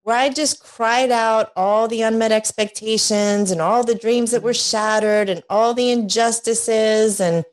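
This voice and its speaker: A middle-aged woman telling her personal story as a guest, lively and laughing often, acting out voices when she quotes people. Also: a little high, a little slow, few pauses. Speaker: guest, divorce coach.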